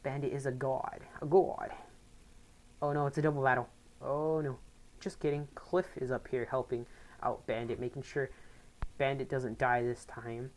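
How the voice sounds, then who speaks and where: A woman giving casual let's play commentary, rambling with excitable outbursts. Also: rumbling low. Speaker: gaming commentator.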